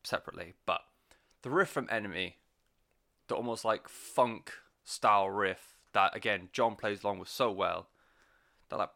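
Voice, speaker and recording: Bright, sweary man reviewing music. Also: fairly low pitch, normal speed, creaky. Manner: enthusiastic, sweary, rambling with many fillers. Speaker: album reviewer. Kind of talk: casual spoken music review.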